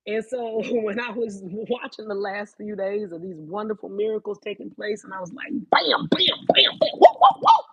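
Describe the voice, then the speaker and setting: Husky woman going off on a live stream, cussing a lot, dry close sound. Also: mid-range voice, dry recording, poor audio. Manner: profane, animated, emphatic. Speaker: vlogger.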